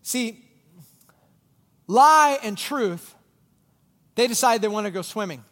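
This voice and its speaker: High-voiced animated male preacher. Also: slow, big-room sound. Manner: animated storytelling, drops to quiet intensity. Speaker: pastor. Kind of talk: sermon.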